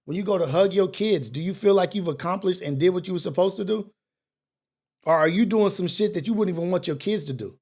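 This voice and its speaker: Preachy high-voiced man host. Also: fairly quick, a little mellow. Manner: preachy, repeats questions, street slang. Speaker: talk show host. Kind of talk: impassioned monologue.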